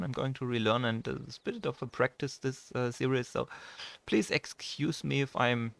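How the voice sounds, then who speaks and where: A young man with a German accent, a native German speaker hosting a farming game let's play in casual commentary, often pausing and searching for words. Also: mid-range voice, gravelly, a bit bright, dry recording.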